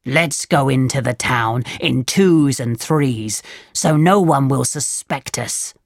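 A storyteller voices a stern bandit chief with a short temper, giving orders in a deliberate, unhurried way. The sound is dry and close, with no room around it. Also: mid-range voice, gravelly, dry recording. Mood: commanding. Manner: commanding, scolding. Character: stern, quick-tempered male leader of thieves. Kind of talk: storybook read-aloud.

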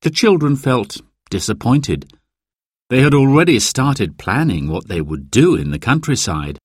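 A man reading a children's storybook aloud as narrator, in a slow, lively storytelling manner. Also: medium pitch, husky, dry recording, studio quality.

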